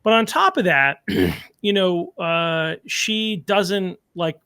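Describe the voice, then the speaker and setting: A man's voice: high voice, animated, slow pace, bright, forceful tone, clean tone, no echo, studio quality. A man hosting a podcast, interviewing in a casual, rambling way with many fillers and restarts. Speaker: podcast host.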